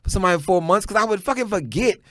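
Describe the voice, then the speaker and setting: A man from Houston, a stand-up comedian guesting on a podcast, telling stories in an animated way and building up to shouted punchlines. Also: high-pitched, rapid-fire, no room sound, studio quality. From Houston, Texas. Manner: animated storyteller who rises into shouted punchlines. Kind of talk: casual chat, comic storytelling. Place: podcast studio.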